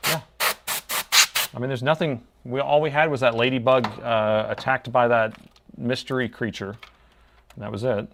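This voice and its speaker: A man's voice: mid-range voice, steady tone, moderate pace, long pauses, heavy background noise. A man chatting casually with his live-stream viewers while he repairs a laptop, talking to himself as he works.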